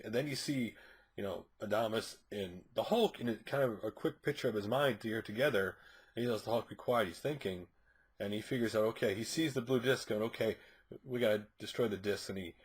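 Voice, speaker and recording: A man's voice: fairly low pitch, slightly rough. A man reviewing a comic book issue, recapping the plot casually in a rambling way with frequent fillers and restarts.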